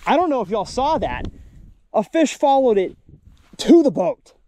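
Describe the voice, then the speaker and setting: Excitable man cheering on bass. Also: a little slow, slight background noise. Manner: excitable, exclaims and talks to the fish. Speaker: fishing channel host. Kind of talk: excited fishing vlog commentary. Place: outdoors on a boat on the water.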